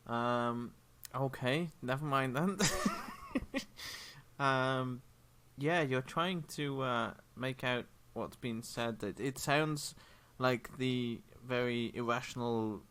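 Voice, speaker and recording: A man narrating as game master for a tabletop game stream, rambling with many ums and quick apologies. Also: medium pitch, sharp tone. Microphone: headphones with a desk mic.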